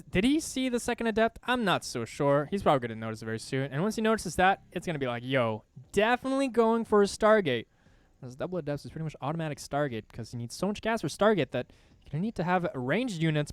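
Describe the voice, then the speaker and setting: A man casts a strategy game replay with animated commentary, joking at his own expense and thinking aloud as he goes. His voice sits a little high and swings widely in pitch. He sounds chatty and quick to react. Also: no echo. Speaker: esports caster.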